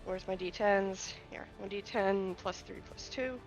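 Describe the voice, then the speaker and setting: A woman's voice: mid-range voice, a little slow, lo-fi sound, faint music behind. A woman playing a tabletop game, tallying her dice rolls aloud and laughing often. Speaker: player.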